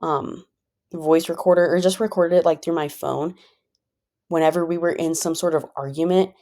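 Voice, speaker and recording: Low-voiced woman, rambling chat. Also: fairly even intonation, moderate pace, dark tone. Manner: rambling, filler-heavy, conversational; calls herself a pretty chill person. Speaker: vlogger. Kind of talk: casual personal monologue.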